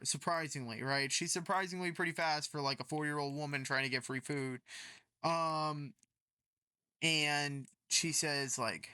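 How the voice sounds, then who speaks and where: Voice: mid-range voice, sharp tone, dry recording. A storytime narrator casually retelling a story in a rambling way with many fillers.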